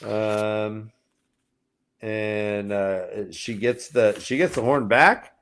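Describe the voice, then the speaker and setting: A man co-hosting a casual book-club show, recapping chapters with animated storytelling and jumping into high mocking character voices. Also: slow, slight background noise. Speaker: podcast co-host recapping chapters.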